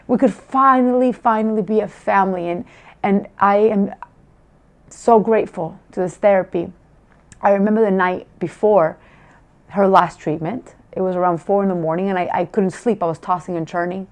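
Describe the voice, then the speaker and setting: A woman's voice: mid-range voice, fairly even intonation, moderate pace. Heartfelt woman telling a family story. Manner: emotional, heartfelt, with many restarts. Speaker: parent giving a testimonial. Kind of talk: personal testimonial storytelling.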